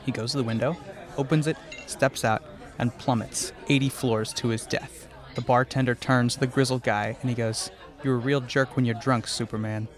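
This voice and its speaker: A man with a mid-pitched voice tells a joke as a story. He acts out each character's lines in quick, lively bursts. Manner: storytelling with quick acted-out dialogue. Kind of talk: telling a joke.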